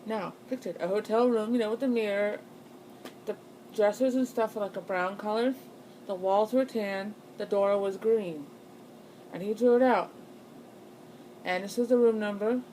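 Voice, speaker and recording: A woman's voice: mid-range voice, moderate pace, pauses often, warm tone, slight background noise, low-quality recording. A young woman telling a personal ghost story in a casual, rambling way, full of fillers and restarts. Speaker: channel host.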